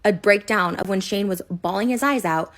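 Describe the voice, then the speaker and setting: A woman's voice: mid-range voice, a bit bright. A woman in her thirties, upset, venting in a personal rant full of "like" and restarts. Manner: upset, rapid and repetitive, many "like"s and restarts. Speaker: online personality. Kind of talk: emotional personal rant to camera.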